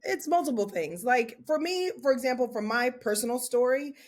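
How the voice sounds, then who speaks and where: A woman in her forties, a portrait photographer guesting on a podcast, telling her story in a candid, animated way. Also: sits high, moderate pace. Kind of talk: casual interview chat.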